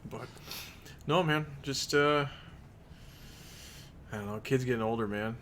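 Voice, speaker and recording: A man co-hosting a casual podcast, talking about his kids in a low-key, laid-back way. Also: a little slow, fairly bright tone, a little hiss or hum. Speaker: podcast co-host.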